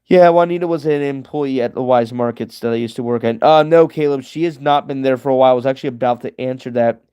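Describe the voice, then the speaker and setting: A man's voice: mid-range voice, quick pace, mellow, smooth. A young man hosting a casual livestream Q&A, rambling and answering chat messages as he goes. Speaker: livestream host.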